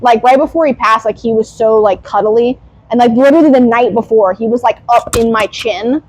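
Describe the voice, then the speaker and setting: A young woman wrestler chatting casually, telling animated stories and quoting people. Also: a little high, a little fast, slight background noise, rough recording. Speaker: guest, wrestler. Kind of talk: casual chat.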